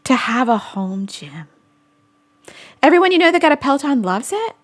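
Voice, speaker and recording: A woman's voice: high voice, big pitch swings, moderate pace. A young woman chatting casually on her vlog, answering viewer questions with lots of fillers, restarts and giggles. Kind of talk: casual chat.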